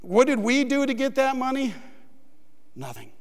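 A man's voice: very high voice, very animated, moderate pace. A man preaching a sermon, telling a funny personal story and acting out his own panicked voice in the quotes. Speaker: pastor. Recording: long hall reverb.

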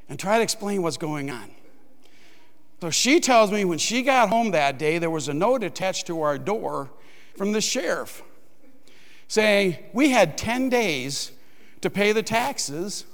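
A man with a high voice preaching a sermon in a big hall with a long echo. He tells a personal story with humour and jumps into a shrill, panicked voice whenever he quotes himself. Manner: animated, acts out his own panicked voice in quotes. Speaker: pastor.

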